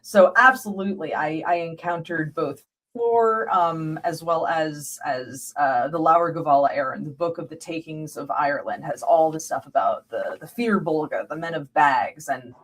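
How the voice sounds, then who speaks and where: A woman's voice: low-pitched, moderate pace, few pauses. An American woman, a guest scholar, talking animatedly in an interview, laughing often and acting out what people say to her. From United States. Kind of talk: conversational interview.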